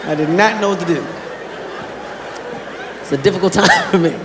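A man doing animated stand-up comedy in a high, chatty voice. The sound carries long hall reverb with a crowd and some noise behind. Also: normal speed. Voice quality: animated, conversational.

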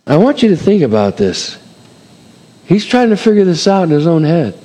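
Guy preaching, kinda high voice, gets loud then real quiet, echoey big hall. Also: moderate pace. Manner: expressive, swings between loud and hushed. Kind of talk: sermon.

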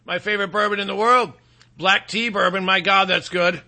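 Man, talk show host, from Michigan, high voice, rambling sarcastic delivery. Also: steady tone, a little fast, pushed and bright. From Michigan, USA. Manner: rambling, sarcastic, frequent throat clearing. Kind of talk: casual political talk with ad reads.

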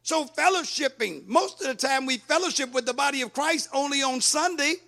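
A man preaching a sermon, reading and explaining scripture, building up to emphatic shouts. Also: very high-pitched, animated, moderate pace, gravelly. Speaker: pastor.

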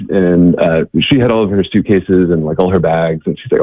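A man talking as an interview guest, telling stories in a halting way, with many fillers and repeated words. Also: deep voice, dry recording. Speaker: guest, charity worker. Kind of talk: casual interview storytelling. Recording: tinny, dry phone-like line.

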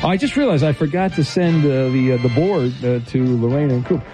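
A man's voice: mid-range voice, expressive, fairly quick, warm tone, soft background music. A man hosting a radio call-in game show in a casual, rambling way, with many fillers and restarts.

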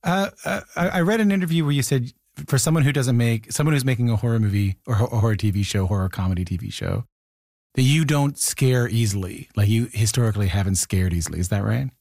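A fast-talking man asking interview questions, repeating and restarting words as he goes. His voice is of middling pitch and sounds dry and close. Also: a little mellow, dry recording.

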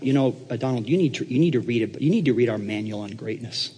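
A man voicing a patient older male apostle who answers calmly and a little hesitantly, in a reverberant hall. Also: medium pitch, fast talker, husky, voice pushed down.

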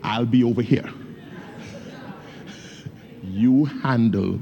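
A man's voice: medium pitch, very slow, big-room sound, muffled recording. A man putting on an insistent little girl's voice. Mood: wary. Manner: insistent, repeating herself. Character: little girl, brave but wary of a snake.

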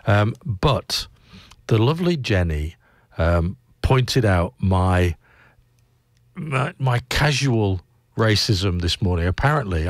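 An English man hosting a breakfast radio show in a studio, talking in a rambling, halting way full of ums and restarts. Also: sits low, dry recording. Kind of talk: casual on-air monologue. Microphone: studio microphone.

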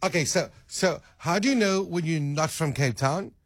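A man hosts a loose, playful radio chat, tripping over his words as he goes. His voice sits a little high for a man. It is a close, dry studio sound. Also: moderate pace, no echo. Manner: stammering restarts, playful. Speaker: radio host.

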